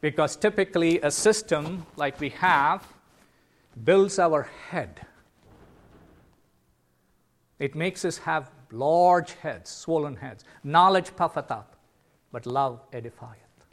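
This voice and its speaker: A male preacher delivers a sermon at an unhurried pace. His voice sits a little high, and he talks earnestly, breaking into loud, emphatic calls.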